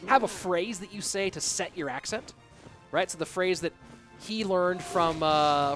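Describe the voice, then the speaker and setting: High-voiced man casting a game over music. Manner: quick, chatty, jokes with the audience. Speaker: esports caster. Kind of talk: live play-by-play commentary.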